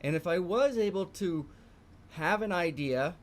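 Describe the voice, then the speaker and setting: A man's voice: high-pitched, animated, unhurried. A middle-aged man with a Texan accent, teaching a live online morning art class, emphatic and repeating phrases for stress. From Texas.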